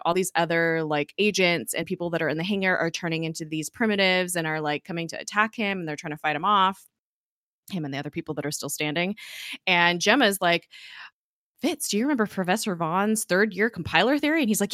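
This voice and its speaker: A woman's voice: sits low, fairly bright tone, no room sound, studio quality. A woman co-hosting a podcast, recapping episodes in casual chat, full of "like" fillers and frequent laughs. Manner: chatty, many "like" fillers, laughs often. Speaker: podcast co-host.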